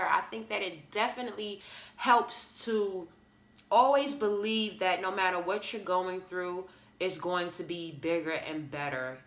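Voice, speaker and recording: A woman's voice: medium pitch, a bit bright, roomy sound. A woman hosting a motivational podcast, speaking earnestly and encouragingly, often repeating phrases for emphasis. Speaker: podcast host.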